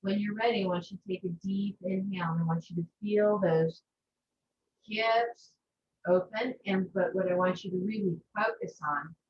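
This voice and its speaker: Gentle woman guiding a yoga class. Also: on the low side, a little hiss or hum. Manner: slow, gentle, soothing instructions. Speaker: yoga instructor. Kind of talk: guided yoga class cues. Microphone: video call. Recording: far-off, echoey, muffled video-call audio.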